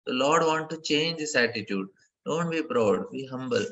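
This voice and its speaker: A man giving a devotional class lecture, earnest, often repeating phrases and laughing softly between points. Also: medium pitch, lively intonation, normal speed, highs cut off. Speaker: speaker giving a scripture class.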